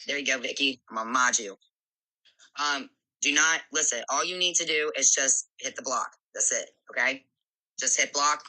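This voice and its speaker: A woman's voice: very deep voice, sharp tone, no echo, low-quality recording. Brash, profane woman hosting a live stream. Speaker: livestream host. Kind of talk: live stream chat moderating callers.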